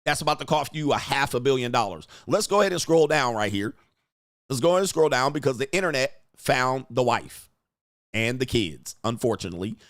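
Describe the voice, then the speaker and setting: A man hosting his own livestream, talking in a crude, combative way and laughing often at his own remarks. His voice sits at an ordinary pitch for a man. The sound is dry and close, with no room echo. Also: expressive, fairly quick, fairly bright tone. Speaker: livestream show host and dating coach. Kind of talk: profane livestream commentary.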